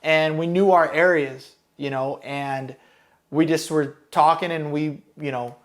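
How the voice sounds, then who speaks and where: A man's voice: fairly high pitch, steady tone, unhurried. A man, a military veteran from Los Angeles County, telling war stories in a casual, profane, rambling way with lots of fillers. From Los Angeles County, California. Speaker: Marine combat veteran guest. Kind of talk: casual storytelling.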